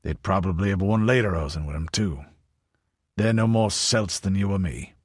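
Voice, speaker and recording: A man's voice: low voice, normal speed, husky, no echo. A man doing a dry, sardonic old soldier. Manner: dry, derisive. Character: older English veteran soldier, dry and sardonic.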